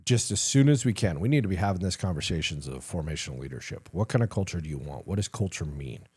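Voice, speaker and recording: This middle-aged man, a retired command sergeant major, speaks low, fast and husky, with lively intonation and a darkish tone. As a podcast guest he tells candid stories, acting out dialogue, swearing casually and laughing at himself.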